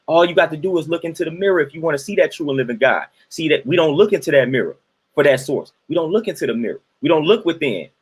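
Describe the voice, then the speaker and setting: Man, slightly high and husky, emphatic preachy livestream host. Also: expressive, fast talker. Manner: repetitive, emphatic, sermon-like cadence.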